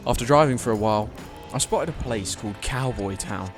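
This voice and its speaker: A young man tells the story of his own motorbike trip in a casual, cheeky way, mocking himself and getting excited now and then. His voice sits in a middle pitch. Music plays beneath his narration. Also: a little fast. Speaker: travel vlogger. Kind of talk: casual travel vlog with voice-over narration.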